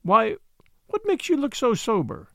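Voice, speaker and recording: Man doing a country mother, caring, fussy, homely speech, expressive. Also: extremely high pitch, measured pace, creaky, dry recording, studio quality, voice pushed up, full character voice. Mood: concerned. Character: busy, caring country mother, mildly fussing.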